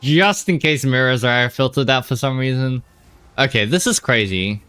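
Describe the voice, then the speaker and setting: A man's voice: medium pitch, moderate pace, a bit bright, clean tone, faint music behind. A man streaming a video game, sleepy and rambling, with lots of fillers and the odd curse. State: drowsy. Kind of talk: casual live-stream commentary.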